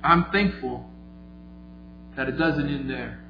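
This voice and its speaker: A man preaching a sermon, retelling a story vividly, moving between quiet and emphatic delivery. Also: medium pitch, slow, a little hiss or hum. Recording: echoey, slightly dull, faint music.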